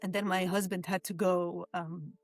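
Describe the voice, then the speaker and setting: A woman in her thirties from Lebanon, a scenic designer speaking as an interview guest in a reflective, halting way, often restarting sentences. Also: on the low side, flat delivery, soft background music. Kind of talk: candid conversational interview.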